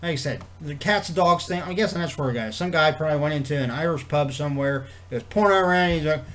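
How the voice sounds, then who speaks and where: A man vlogging in a rambling casual way, swearing freely and filling pauses with ums and you-knows. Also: on the high side, a bit bright. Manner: rambling, profane, many fillers and restarts. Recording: faint background noise.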